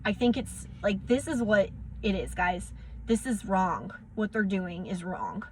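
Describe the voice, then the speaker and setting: A young woman ranting in a personal vlog, frustrated and close to tears. She tells her story in quick bursts, acting out each exchange. Her voice sits at an ordinary middle pitch, with a faint hiss of noise behind it. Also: lively intonation, darkish tone. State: near tears. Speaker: vlogger. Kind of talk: emotional personal vlog rant.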